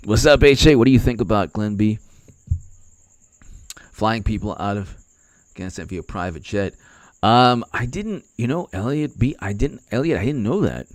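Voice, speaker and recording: Casting: lower-pitched male political host, loose and rambling, filler-heavy, dry close mic. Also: animated, normal speed, dry recording. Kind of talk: casual political commentary livestream.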